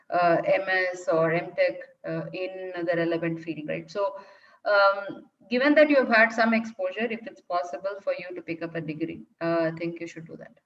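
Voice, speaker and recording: A woman's voice: on the low side, far from the mic. A woman answers questions in an online talk, thinking aloud with frequent fillers and restarts. Her voice sits back from the mic. The call audio is dull and lo-fi. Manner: thoughtful, many fillers and restarts. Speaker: data science speaker answering questions. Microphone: video call.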